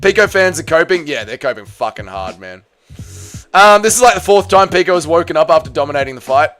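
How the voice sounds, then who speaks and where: A young man hosting a fight-night watch party stream, chatting casually, swearing freely and bursting into excited shouts. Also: on the high side, brisk, faint music behind. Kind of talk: casual live-stream chat reading comments.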